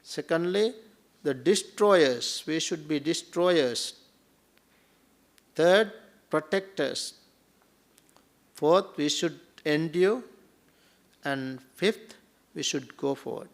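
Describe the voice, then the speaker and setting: A Buddhist monk giving a sermon, teaching slowly and repetitively, asking rhetorical questions and adding a questioning "hmm?". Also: male voice, on the high side, lively intonation, gravelly.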